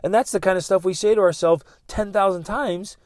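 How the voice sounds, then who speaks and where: A man's voice: sits high, steady tone, a little fast, dry recording, clean studio sound. A middle-aged man hosting a motivational podcast, talking earnestly and often restarting his sentences. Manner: earnest, repeats words, many restarts. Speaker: podcast host.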